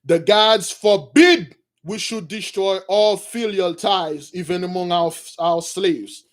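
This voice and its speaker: A man voicing a stern but not cruel ancient prince who speaks in an archaic, measured way. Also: high voice, voice pushed down.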